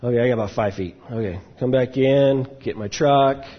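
A man in the role of pastor, telling a personal story in a sermon and acting out the quotes with animated outbursts. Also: medium pitch, moderate pace, husky, highs cut off.

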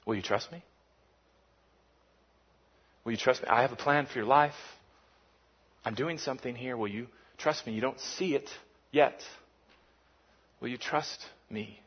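A man voicing God, speaking softly and calmly with patient, repeated questions. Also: mid-range voice, brisk, long pauses, slightly rough, lo-fi sound, natural voice. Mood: gentle. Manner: soft, calm, repeated gentle questions. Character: God, gentle and patient male divine voice.

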